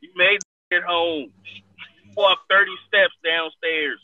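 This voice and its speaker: A man from Los Angeles telling loud, profane stories in casual chat, laughing and quoting others. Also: sits high, fairly even intonation, takes it slowly. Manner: loud, profane storytelling with laughs and quoted voices. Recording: dry, phone-like narrow sound.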